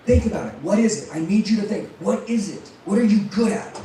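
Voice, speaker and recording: Brief: high-voiced male motivational speaker, intense and profane, heavy room echo. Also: lively intonation, a little fast, warm tone, slight background noise. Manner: intense, profane, fires rhetorical questions at the crowd. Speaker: motivational speaker and sales trainer. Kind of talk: motivational speech to a live audience. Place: room with a live audience. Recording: very echoey room, mic far off.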